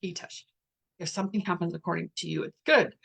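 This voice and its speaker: A woman's voice: on the low side, fast, creaky, a bit bright, breathy edge. Middle-aged woman, candid and earnest, spiritual talk, swears now and then. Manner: candid, earnest, swears, reads out participants' messages. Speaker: workshop facilitator.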